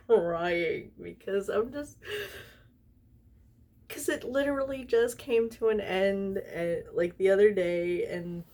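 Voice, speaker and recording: A woman's voice: fairly low pitch, darkish tone. A young woman, tipsy from wine, reading fanfiction aloud at home, rambling and giggling between lines. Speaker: fanfiction reader. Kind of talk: tipsy casual storytime reading.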